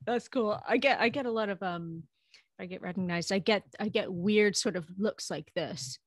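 A woman's voice: medium pitch, measured pace, dry recording, studio quality. A woman co-hosting a podcast, chatting casually and laughing easily as she tells stories. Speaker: podcast co-host. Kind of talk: casual chat, anecdotes.

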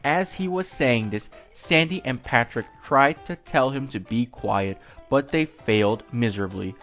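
A man reading a creepy fan story aloud, slowly, breaking off for joking asides and corrections. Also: mid-range voice, fairly bright tone, soft background music. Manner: slow, with asides and self-corrections. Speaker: creepypasta reader.

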